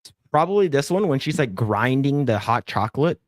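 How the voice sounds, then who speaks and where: A man's voice: mid-range voice, expressive, a little fast, no echo, clean studio sound. A man hosting a casual livestream podcast, rambling, repeating words and thanking donors. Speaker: podcast host.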